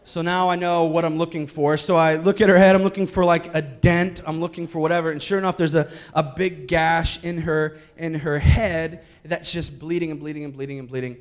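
Male pastor, thirties, slightly high voice, candid, joking sermon story. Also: steady tone, fairly quick, few pauses. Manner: candid, joking, many restarts.

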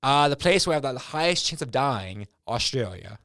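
Deadpan young man, smooth and dry. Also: medium pitch, normal speed, no echo. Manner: deadpan joking, mock-serious. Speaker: podcast co-host. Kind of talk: casual chat.

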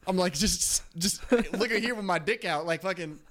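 A man's voice: high-pitched, moderate pace, a bit bright. A young man co-hosting a podcast, telling a rambling, profane story full of laughter in casual chat. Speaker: podcast co-host.

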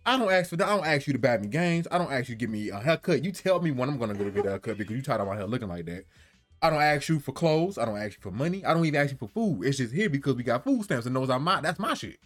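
A man's voice: mid-range voice, racing, soft background music. A young man telling stories in a casual podcast chat, slangy and profane, with a desk microphone. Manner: animated storyteller, slangy and profane.

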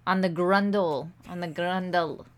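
A woman co-hosting a podcast in casual chat, blunt and giggly, reading things aloud flatly. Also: on the low side, measured pace. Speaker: podcast co-host.

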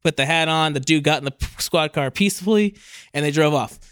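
A young man co-hosting a podcast, telling a story in a casual chat, animated and swearing freely as he acts out quotes. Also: a little high, a little fast, clean tone, no echo, clean studio sound. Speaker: podcast co-host.

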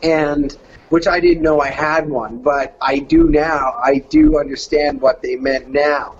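A man's voice: fairly high pitch, fairly even intonation, a little slow, dull audio. A middle-aged man from Canada, a voice actor casually telling a story and slipping into surfer-dude voices.

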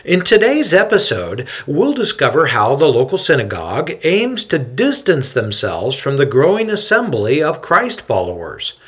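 Expressive male podcast narrator, husky. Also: on the high side, normal speed, few pauses. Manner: expressive, dramatic storytelling. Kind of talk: scripted narration.

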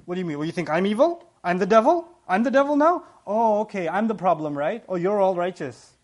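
A man's voice: high-pitched, brisk, dark tone, pitched below the performer's own voice. Guy doing a sarcastic, scheming noblewoman, defensive and indignant, in a sermon story.

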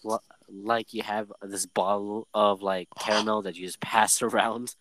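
A young man co-hosting a casual chat, excitable and jokey, often trailing off mid-sentence. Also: lowish voice, a little slow, no echo. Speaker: podcast co-host.

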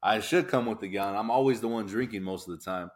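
Easygoing low-voiced man chatting. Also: quick pace. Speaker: podcast cohost. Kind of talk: casual chat.

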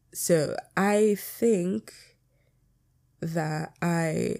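A woman's voice: fairly low pitch, a little mellow. A young adult woman hosting her own podcast, talking casually and bluntly about her life, swearing freely. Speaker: podcast host.

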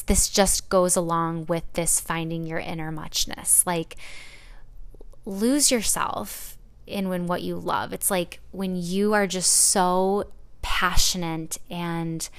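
A woman hosting a solo podcast, talking in a gentle, earnest way with soft laughs and restarts. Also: medium pitch, clean tone, dry recording. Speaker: podcast host. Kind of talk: casual solo podcast talk.

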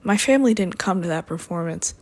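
Deadpan young woman rambling. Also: fairly low pitch, fairly quick. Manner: deadpan, meandering, with dry asides. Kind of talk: rambling solo monologue.

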